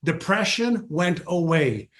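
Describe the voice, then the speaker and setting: A man in his sixties, a guest on an interview show, telling a story in a lively conversational way and acting out the quotes. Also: high-pitched, slow. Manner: animated, acts out quotes. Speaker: guest, mindset author.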